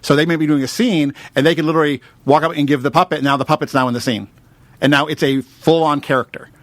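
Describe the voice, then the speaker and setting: A man's voice: on the high side, fairly even intonation, fast talker, no echo. A man guesting on a talk radio show, talking in a rambling, upbeat way with lots of fillers about improv and puppets. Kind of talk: casual radio interview.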